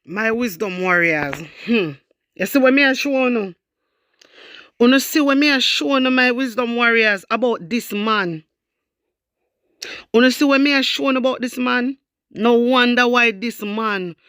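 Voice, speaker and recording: A woman's voice: a little high, a little slow, fairly bright tone, clean tone, no echo, studio quality. A Jamaican woman giving emphatic political commentary to her viewers in heavy patois, repeating her points for effect. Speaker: online commentator.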